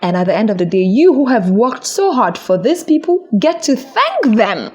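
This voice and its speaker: A young woman hosting a podcast, talking in an earnest, encouraging way with lively swings in her voice. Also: on the high side, moderate pace, lo-fi sound. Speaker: podcast host. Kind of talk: casual monologue.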